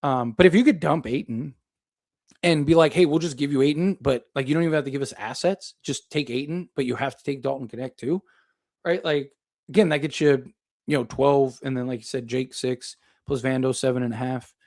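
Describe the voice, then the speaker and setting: Reading super chats on his laid-back basketball livestream, a young male sports podcast host speaks briskly in a medium-pitched voice with vocal fry and a darkish tone. He rambles and thinks aloud, loading his speech with fillers.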